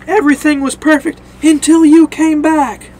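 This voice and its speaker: A man voicing a desperate, grief-stricken armed man who pleads and shouts in a cracking voice. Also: extremely high pitch, fairly quick, pitched above the performer's own voice. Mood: menacing.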